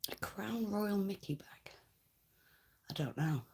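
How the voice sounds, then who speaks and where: A woman's voice: mid-range voice, slow pace, darkish tone, breathy edge. A woman with a Lancashire accent, chatting rambly on a livestream and reading viewer comments aloud. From Lancashire, England. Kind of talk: casual livestream chat.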